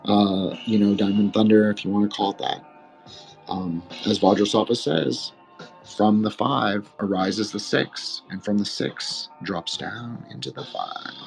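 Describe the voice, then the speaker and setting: Low-voiced rambling podcast host, man. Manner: rambling, profane, earnest, emotional. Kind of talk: casual roundtable chat.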